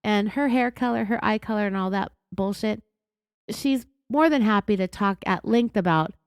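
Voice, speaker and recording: Raspy californian woman, true crime host. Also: medium pitch, moderate pace, dry recording, clean studio sound. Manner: indignant, sarcastic storytelling. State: raspy from being sick. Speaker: podcast host. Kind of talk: true crime podcast commentary.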